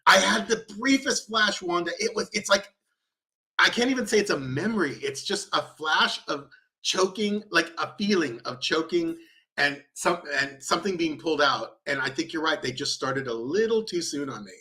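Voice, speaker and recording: This is a man with a bright, forceful voice that sits a little high for a man. He co-hosts a relaxed chat show and tells his stories in an animated way, often breaking into laughter. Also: moderate pace. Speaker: co-host. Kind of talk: casual chat.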